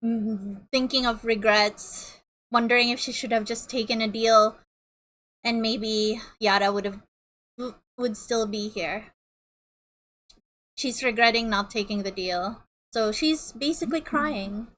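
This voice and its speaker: Unhurried woman player. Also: on the high side, a bit bright. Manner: halting and unhurried. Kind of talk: tabletop game play on stream.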